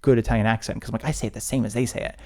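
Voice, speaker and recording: Man, American accent, fast, gravelly, dark voice, rambling casual chat. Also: on the low side, steady tone. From United States. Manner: rambling, lots of restarts and fillers. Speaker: podcast co-host.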